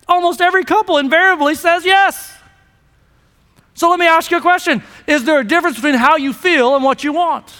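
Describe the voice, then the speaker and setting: High, bright preaching man in a hall. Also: a little fast. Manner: emphatic call-and-response preaching. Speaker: pastor. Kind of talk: sermon. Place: church sanctuary. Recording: long reverb of a large hall.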